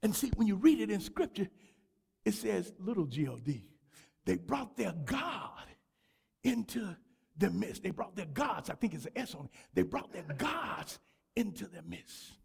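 A man preaching a sermon to a church congregation, fervent and repetitive, often breaking into shouts. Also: sits high, sing-song, a little slow, gravelly, husky. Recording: long hall reverb.

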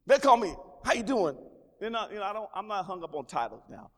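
High-voiced preacher in a ringing hall. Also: male voice, very animated, fast, fairly bright tone. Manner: preaching with call-and-response exclamations and repeated phrases. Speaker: pastor. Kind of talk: sermon. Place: church sanctuary. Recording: long reverb of a large hall.

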